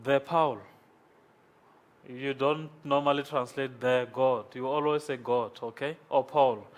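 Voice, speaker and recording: A man's voice: medium pitch, fairly even intonation, a little slow. A man teaching Greek in a classroom, congested from sinus trouble, who patiently repeats each form and checks in with "okay?". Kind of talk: classroom lecture. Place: classroom with a board.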